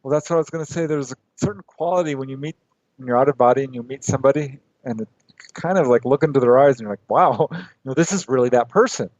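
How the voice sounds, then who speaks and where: A man's voice: mid-range voice, fast, darkish tone, dry recording. Radio guest man with a muffled line. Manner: laughs often, acts out his own quotes. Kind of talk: casual radio interview.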